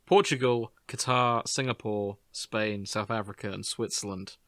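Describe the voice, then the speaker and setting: A man's voice: on the low side, steady tone, measured pace, a bit bright, no echo. A man co-hosting a podcast, chatting casually with dry jokes and reading facts aloud. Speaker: podcast co-host. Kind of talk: casual chat.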